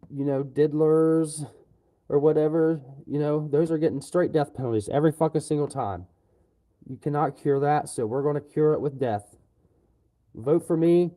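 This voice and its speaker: A man ranting profanely and loudly to his livestream viewers. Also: medium pitch. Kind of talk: livestream rant.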